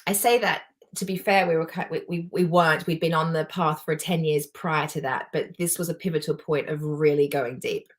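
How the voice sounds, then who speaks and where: A woman speaks in a notably low voice, leading a live motivational session as a life coach. She sounds heartfelt and openly emotional, talking in a personal, confiding way. She is in her forties. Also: fairly even intonation, moderate pace. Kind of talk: live motivational talk to an audience.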